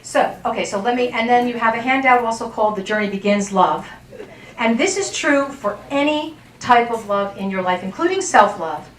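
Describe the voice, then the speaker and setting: A woman coach talks to a live audience in a relaxed, chatty way and keeps checking that they follow. Her voice sits a little high. She is recorded from a distance in a room with a lot of echo. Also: normal speed, slight background noise. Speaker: relationship coach. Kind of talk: workshop talk to an audience. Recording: roomy sound from off-mic.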